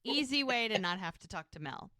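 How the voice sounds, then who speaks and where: A woman's voice: mid-range voice, animated, fairly quick, sharp tone, no echo. Chatty woman recapping, dry sound. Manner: chatty, retells scenes with many "he's like" quotes. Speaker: podcast co-host. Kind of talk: casual TV episode recap.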